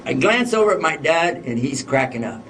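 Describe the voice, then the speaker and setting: A man's voice: on the high side, sing-song, a little fast. A man telling a personal story in a casual way, often laughing as he talks. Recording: distant microphone.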